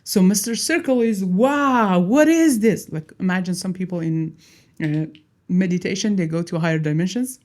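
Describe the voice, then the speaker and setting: Animated woman explaining with a mellow voice. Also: lowish voice, brisk. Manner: animated, acts out little dialogues, laughs at herself. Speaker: teacher. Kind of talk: casual explanatory talk.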